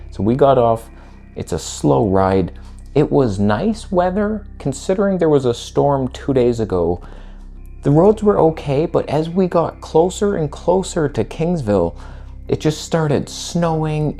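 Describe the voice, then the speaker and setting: A man vlogging, casually retelling a story in laid-back slang with some swearing. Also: lowish voice. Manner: animated retelling that acts out quoted voices.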